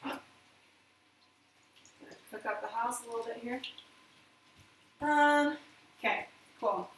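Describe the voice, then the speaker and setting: A woman with a slightly high, somewhat bright voice hosts a live cooking stream from her home kitchen, rambling casually to viewers as she cooks. She speaks slowly with long pauses. Her phone sits back from her, so the sound is distant and roomy, with echo and clear background noise.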